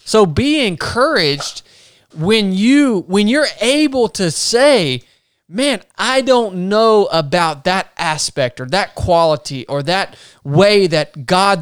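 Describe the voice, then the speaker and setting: A man with a slightly high, smooth voice hosts a faith discussion. He speaks earnestly and turns to his listeners to encourage them. The recording is dry and close. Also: lively intonation, slow pace, a bit bright, dry recording. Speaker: podcast host. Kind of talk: encouraging podcast talk.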